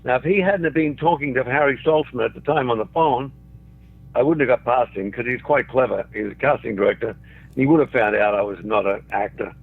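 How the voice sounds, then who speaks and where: A man's voice: medium pitch, fairly quick, gravelly, breathy edge. Older man telling stories down a phone line. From Australia. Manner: chuckles through his own stories. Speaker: guest. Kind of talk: anecdotal storytelling.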